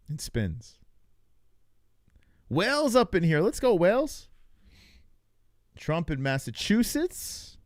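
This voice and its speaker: A young man runs a live reaction stream, riffing loosely and tossing jokes at his chat. His voice is smooth and clean, at an ordinary pitch. The sound is dry and close, with no room echo. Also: darkish tone. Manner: loose, joking, talks to chat. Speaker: livestream host. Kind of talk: casual live reaction commentary.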